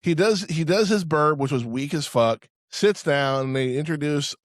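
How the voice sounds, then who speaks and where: A man's voice: a little high, normal speed, no echo. A man co-hosting a casual movie podcast, retelling film scenes with swearing and acting out the lines. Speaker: podcast co-host.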